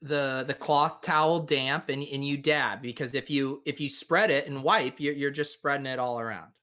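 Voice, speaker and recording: A man's voice: medium pitch, moderate pace, bright, forceful tone. A man co-hosting a casual podcast chat, with sarcastic, mock-boastful humor. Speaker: co-host.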